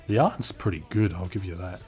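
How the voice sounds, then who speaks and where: A man's voice: low voice, a little fast, darkish tone, soft background music. A man hosting a casual comic read-along, joking and laid-back. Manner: laid-back, joking, says dude a lot. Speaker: video host.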